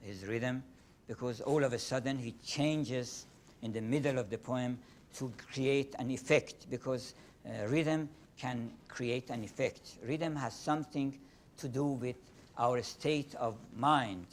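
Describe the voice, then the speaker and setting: Lecturing on poetry, this older Iranian man has a Persian accent and stumbles along with frequent fillers and restarts. There's a faint low rumble in the room around him.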